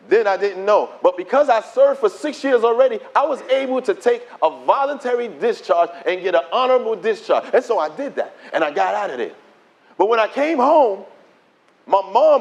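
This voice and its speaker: A middle-aged man giving his testimony as a preacher, telling the story in an animated way and acting out the dialogue. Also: high-pitched. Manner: animated storytelling, acts out dialogue in quoted voices. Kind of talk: preached testimony to a conference audience.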